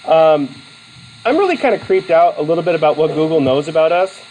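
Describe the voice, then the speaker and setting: A man's voice: a little high, expressive, a little fast, darkish tone, a little hiss or hum, rough recording. A man from Vermont teaching a college class, chatty and self-deprecating, with many fillers and restarts as he takes student questions. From Vermont, USA. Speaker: college instructor.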